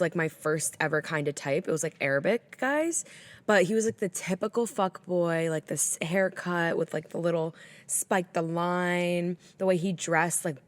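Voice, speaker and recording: A young woman in her twenties co-hosting a podcast, rambling casually with many fillers and hunting for words. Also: lowish voice. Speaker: podcast co-host. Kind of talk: casual chat.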